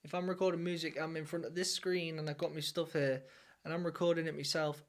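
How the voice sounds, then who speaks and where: A man's voice: fairly high pitch, level tone, fast. Chatty male reaction-video host. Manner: chatty, explanatory, relates the clip to his own setup. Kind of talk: casual reaction commentary.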